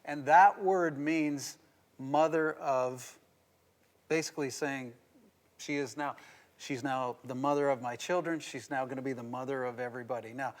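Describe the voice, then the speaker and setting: A middle-aged man, a pastor, teaching a marriage devotional in a playful, animated way and laughing as he goes. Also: medium pitch, moderate pace. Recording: long reverb.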